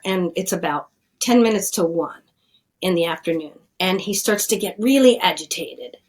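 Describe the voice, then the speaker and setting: A woman's voice: lowish voice, low-quality recording. Middle-aged woman guest, earnest and plainspoken storyteller. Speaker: addiction scientist, guest. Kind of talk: conversational storytelling.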